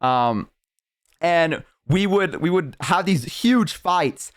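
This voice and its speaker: A man's voice: a little high, lively intonation, slow pace. A young man streaming, telling a long story in casual, rambling, profane chat full of "like". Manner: rambling, profane, heavy use of "like".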